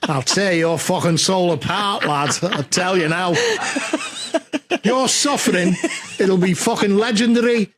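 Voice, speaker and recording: Man doing a menacing Scouse demon voice, Liverpool accent, high pitch, faint hiss, from a played clip. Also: measured pace. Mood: mock menace.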